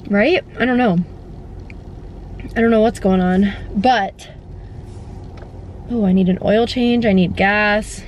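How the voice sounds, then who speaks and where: A woman's voice: mid-range voice, fairly even intonation, slow pace, long pauses, darkish tone, dull audio, slight background noise. A woman chatting casually to camera from her car in a drive-thru line, sounding a little stuffy. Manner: chatty, rambling. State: slightly stuffy. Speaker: vlogger. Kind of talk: casual vlog chat.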